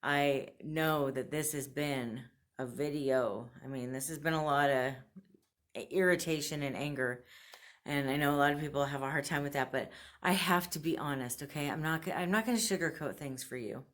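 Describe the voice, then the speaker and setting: Woman, low pitch, vlogger, blunt, frustrated venting, breaks into laughs. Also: normal speed. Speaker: fashion subscription box vlogger. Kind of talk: casual venting to camera.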